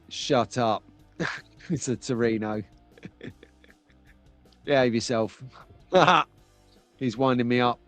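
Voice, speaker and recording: A man's voice: mid-range voice, slow pace, long pauses, a bit bright, faint music behind. A middle-aged man hosting a casual live stream from home, chatty and jokey as he reads out viewers' comments. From England. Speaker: host of a live slot car stream.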